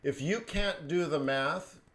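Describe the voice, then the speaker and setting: A man's voice: on the high side, slow pace, fairly bright tone. A man hosting a live trading stream, talking casually with lots of fillers and chuckled asides. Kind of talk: casual chat.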